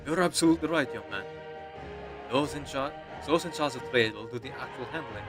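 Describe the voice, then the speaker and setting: A man voicing a calm, dryly patient older male official with a put-on French accent, reading game dialogue aloud. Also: medium pitch, brisk, music in the background, lightly acted. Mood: reassuring.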